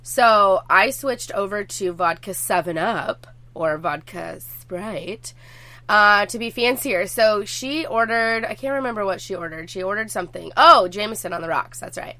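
A woman's voice: medium pitch, unhurried, sharp tone. A young woman vlogging casually to her viewers, chatty and swearing freely as she tells stories.

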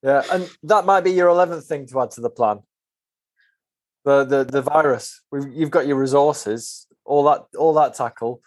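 A man's voice: medium pitch, normal speed. A man hosting a podcast, chatting casually and wrapping up with a guest. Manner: friendly, brief, wrapping up the chat. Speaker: podcast host.

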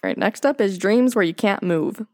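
A woman's voice: mid-range voice, moderate pace, a little mellow, dry recording, studio quality. A young woman co-hosting a casual podcast, reading notes aloud and often breaking into giggles. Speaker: podcast co-host.

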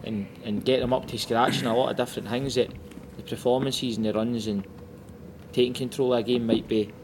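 A man's voice: mid-range voice, fairly even intonation, a little fast, noisy background. A Scottish man co-hosting a casual chat, laughing and swearing as he tells stories. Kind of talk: casual banter.

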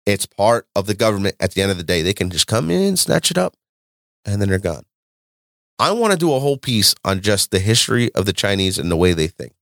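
A man hosting a podcast, ranting and lecturing in a loud, profane, animated way. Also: lowish voice, fairly quick, vocal fry, no echo, studio quality. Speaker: podcast host. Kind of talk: casual podcast chat.

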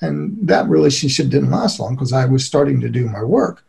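A middle-aged man giving an earnest, animated interview as a relationship expert, often breaking into laughter. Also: medium pitch, fairly quick, creaky, a little hiss or hum. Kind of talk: conversational interview.

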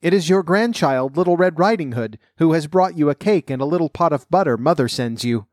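A man's voice: fairly high pitch, animated, brisk, darkish tone, dry recording, pitched above the performer's own voice, natural voice. An innocent little country girl from a storybook, voiced by a man reading aloud. She sounds polite and trusting and speaks in a raised voice. The recording is close and dry.

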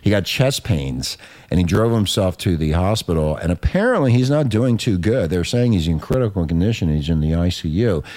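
A man's voice: low-pitched, lively intonation, fairly quick, darkish tone. Rambling, crude male radio host. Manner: rambling, loose and profane. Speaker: radio talk show host. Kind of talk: crude radio talk show banter.

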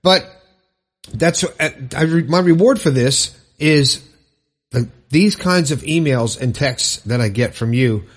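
A man's voice: a little high, animated, unhurried. A man hosting his own positivity podcast, chatting cheerfully and laughing at his own jokes. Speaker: podcast host. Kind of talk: upbeat solo podcast talk.

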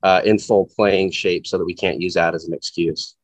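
A man's voice: low-pitched, steady tone, moderate pace, no echo, low-quality recording. A man co-hosting a podcast, jumping in eagerly during a casual chat. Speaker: podcast co-host.

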